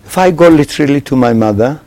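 Teaching Torah to a live class, this man talks quickly with a medium-pitched, expressive voice, captured on poor audio. He tosses rhetorical questions at his students and moves from loud, emphatic points to quiet asides.

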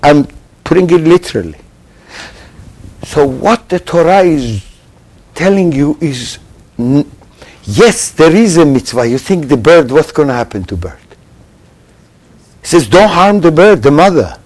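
A man teaching a Torah lesson to a live class. He quizzes his listeners with rhetorical questions and swings between loud emphasis and hushed asides. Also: on the high side, expressive, measured pace, pauses often, low-quality recording. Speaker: religious teacher.

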